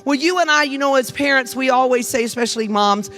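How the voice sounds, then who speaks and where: An older woman preaching a Mother's Day sermon in church, humorous and lively, calling on the congregation to answer back. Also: high-pitched, quick pace, soft background music. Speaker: guest preacher. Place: church sanctuary.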